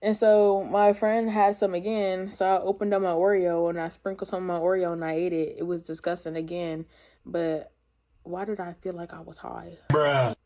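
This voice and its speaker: A woman's voice: fairly low pitch, little pitch movement, normal speed, dark tone. A young woman in her teens telling a personal storytime testimony in casual slang, rambling with many fillers and talking to her viewers. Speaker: vlogger.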